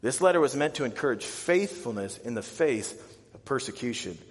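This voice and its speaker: A man in his thirties preaching a sermon, telling stories in an animated way and acting out scared, panicked voices with big jumps in pitch and loudness. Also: normal speed, in a large hall. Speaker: pastor.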